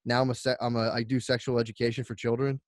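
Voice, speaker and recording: A man co-hosting a casual comedy podcast, rambling and laughing as he pitches a bit, acting out the voices. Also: little pitch movement, fast, dry recording, clean studio sound. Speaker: podcast co-host.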